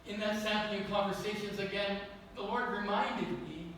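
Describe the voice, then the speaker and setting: A male pastor preaching with a high, bright, ringing voice. He tells a personal story and climbs to emphatic peaks. He sounds set back from the microphone, with long reverb in a large church sanctuary. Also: level tone, moderate pace, a little hiss or hum. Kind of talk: sermon. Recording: echoey church hall from far off.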